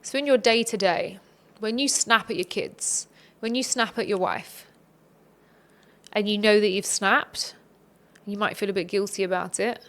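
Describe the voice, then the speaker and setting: A woman talks through personal growth in an earnest, reflective coaching tone. Her voice sits at an ordinary middle pitch, and she speaks in a relaxed conversational podcast style. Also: unhurried. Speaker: podcast guest.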